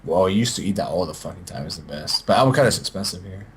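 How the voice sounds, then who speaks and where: A young man from Peru chats casually on a podcast. He tells stories with lots of swearing and acts out the dialogue, his pitch jumping around. A faint hiss runs underneath. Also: racing. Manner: animated storyteller, swears a lot, acts out dialogue. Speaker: podcast guest. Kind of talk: casual chat, storytelling. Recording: faint background noise.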